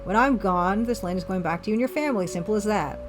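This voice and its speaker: A woman's voice: mid-range voice, fast talker, over music, lightly acted. Stubborn folksy older man, blunt and plain-spoken, a woman's light take. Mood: insistent.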